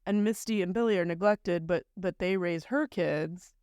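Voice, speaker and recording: A woman co-host with a lowish voice, retelling a story in long, run-on strings of events. She talks bluntly and casually. The sound is close and dry, with no room echo. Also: moderate pace, darkish tone. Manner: conversational, recounting events in long run-on chains; blunt, mild swearing. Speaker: podcast co-host. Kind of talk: casual chat recapping a story.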